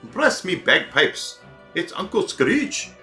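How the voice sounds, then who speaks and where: Brief: a man putting on a hearty old Scottish miser duck with a bad burr, pitched up and bright. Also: sing-song, slow, soft background music, full character voice. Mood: gleeful. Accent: mock Scottish. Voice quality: thick put-on burr, rolled R's.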